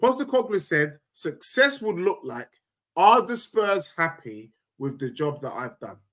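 Excitable young lad, high and swinging voice, arguing hard on a football chat show. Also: male voice, unhurried. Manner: animated, emphatic, ranting with rising outbursts. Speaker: football podcast co-host, fan. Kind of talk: casual football debate.

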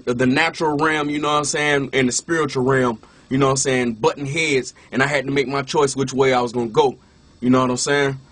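Husky man giving a casual testimony. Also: mid-range voice, fairly bright tone. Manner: casual, keeps saying "you know what I'm saying"; restarts and repeats words while telling. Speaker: minister and former rapper. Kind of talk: personal testimony.

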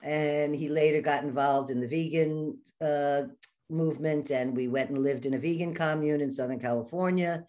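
A woman's voice: low-pitched, fairly even intonation, dark tone. An older woman with a New York accent, a podcast guest telling stories, often stumbling over her first words. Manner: storytelling, quick bursts with repeated false starts. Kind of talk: casual interview chat.

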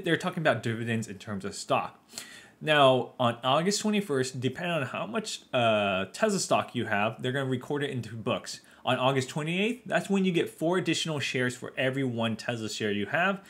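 A man's voice: mid-range voice, lively intonation, normal speed, a bit bright. Casual man explaining stocks. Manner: explanatory, loose, with frequent fillers. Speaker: finance video host. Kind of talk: casual market commentary.

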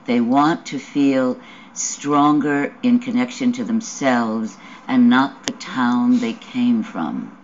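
A woman's voice: a bass voice, slow. A woman speech teacher coaching a student, explaining and demonstrating sounds. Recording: dull lo-fi clip with faint noise.

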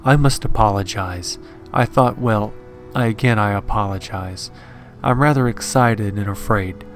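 Earnest older occultist, read by a man, pleading, low voice, horror storybook. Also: a little slow, soft background music, lightly acted. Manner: earnest and apologetic. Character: tall, lean, intense older male occultist.

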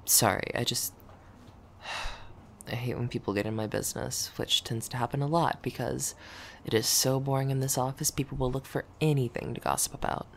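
A woman performing a scripted audio role-play as a blunt, sarcastic office coworker who curses and grudgingly softens. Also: rumbling low, fairly even intonation, moderate pace, slight background noise. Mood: grudgingly tender. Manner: dry, dismissive teasing that turns grudgingly gentle.

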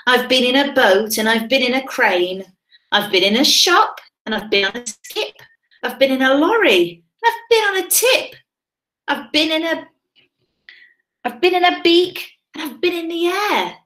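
A woman's voice: high-pitched, big pitch swings, measured pace, fairly bright tone, full character voice. A woman voicing a contented toy teddy bear. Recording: roomy echo.

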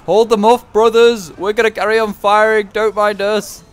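A man voicing a panicky band of medieval archers, with loud, high, hurried battle shouts. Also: level tone, smooth, natural voice. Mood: urgent.

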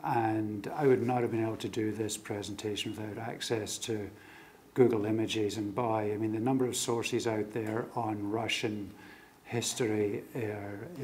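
A man's voice: fairly low pitch, darkish tone, a little hiss or hum. A middle-aged man giving a public lecture and taking questions, telling stories animatedly with frequent stammered restarts. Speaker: guest lecturer.

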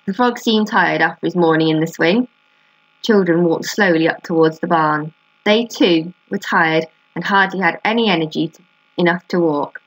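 A woman teacher reads a children's novel aloud to her class, steady and clear. Her voice sits fairly low for a woman. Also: no echo, rough recording.

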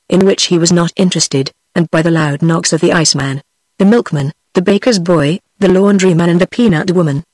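A computer-generated woman's voice with a British accent, reading a fairy tale aloud in an even synthetic manner. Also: lowish voice, dry recording. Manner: even synthetic reading of all parts in one voice. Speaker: narrator. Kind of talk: text-to-speech audiobook reading.

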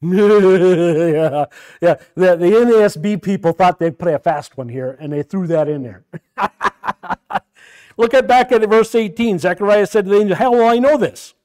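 A man's voice: high voice, unhurried, a little mellow. A man leading a Bible study class, questioning his students and repeating phrases as he works through a passage.

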